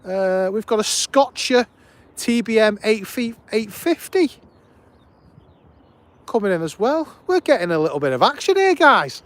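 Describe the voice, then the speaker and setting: A man's voice: sits high, very animated, unhurried. A man, hosting a live stream outdoors and chatting with viewers in a casual, enthusiastic way. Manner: chatty, greets viewers by name, enthusiastic commentary. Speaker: livestream host. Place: outdoors at an airport.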